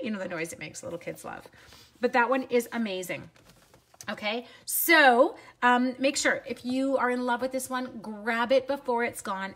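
Chatty husky woman demoing crafts. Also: on the high side, a bit bright. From Canada. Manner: chatty and jokey, greets viewers by name, drops into whispers. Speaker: stamping demonstrator. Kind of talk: live card-making demo chat.

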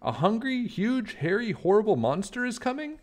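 A man voicing a male fox in a storybook read-aloud, with a yelping, hurried manner. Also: medium pitch, sing-song, vocal fry, voice pushed up. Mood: terrified. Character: male fox, puzzled then terrified.

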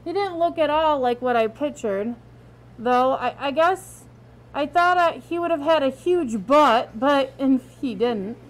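High-voiced woman reading a novel aloud. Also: animated, a little slow, low-quality recording. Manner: informal reading with small slips and restarts. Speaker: audiobook reader.

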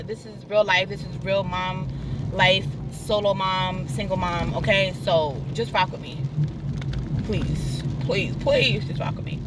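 Frustrated young mom vlogging outdoors. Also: female voice, medium pitch, distant mic, noisy background. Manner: frustrated, venting and encouraging viewers directly. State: unwell, emotional. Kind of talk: casual vlog monologue. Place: outdoors by a car in the rain. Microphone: phone held while recording.

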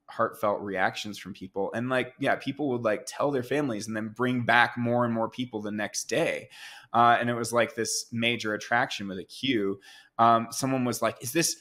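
A man in his thirties, a guest artist telling stories in a relaxed, rambling way, full of fillers. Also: medium pitch. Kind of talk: casual storytelling interview.

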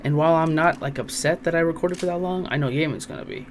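A young man giving casual, crude, jokey let's play commentary on a horror game, swearing often and reacting loudly. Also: fairly high pitch, quick pace, slight background noise. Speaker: gaming channel host.

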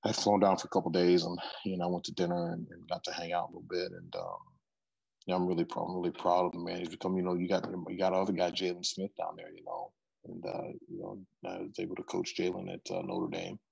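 A man's voice: low voice, lively intonation, fast talker, vocal fry, darkish tone, breathy edge, highs cut off. A middle-aged man, a football coach, telling stories in an interview, often repeating words as he starts a sentence. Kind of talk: interview storytelling.

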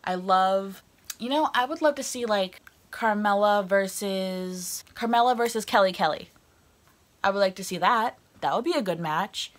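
A woman's voice: mid-range voice, moderate pace. A woman fan ranting casually on her vlog, blunt and heated, swearing freely. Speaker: wrestling fan vlogger.

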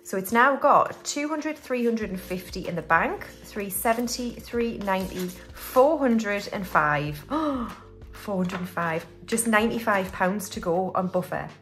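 A woman's voice: medium pitch, lively intonation, unhurried, hardly any pauses, a bit bright, faint music behind. A woman from the UK hosting a budgeting video, chatting casually as she counts money aloud and talks herself through each step. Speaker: budgeting channel host. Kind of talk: casual cash-stuffing commentary.

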